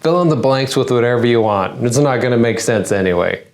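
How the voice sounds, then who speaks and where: A man's voice: mid-range voice, animated, brisk. A man hosting a comedy news segment, delivering a satirical monologue with sarcastic punchlines.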